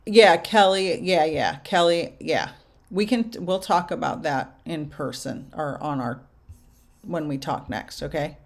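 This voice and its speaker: A young adult woman medium giving spirit messages to viewers in a casual live chat, halting and soft-spoken. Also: low voice. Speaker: medium answering viewer questions.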